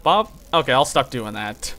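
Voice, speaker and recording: A man's voice: mid-range voice, very animated, moderate pace, bright, forceful tone, faint music behind, low-quality recording. A man hosting a casual stream, reading a text aloud with joking asides. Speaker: stream host.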